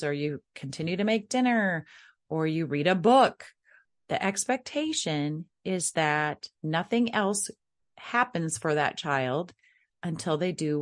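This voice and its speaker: Low-voiced Midwestern woman coaching parents. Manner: conversational, coaching, rhetorical questions. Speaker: parenting podcast host. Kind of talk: podcast advice talk.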